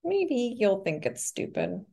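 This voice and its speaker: A woman's voice: medium pitch, very animated, takes it slowly, gravelly, mellow, full character voice. A woman reading the lines of a butch character who speaks hesitantly and self-consciously. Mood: uncertain. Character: butch first-person narrator, unsure and lonely.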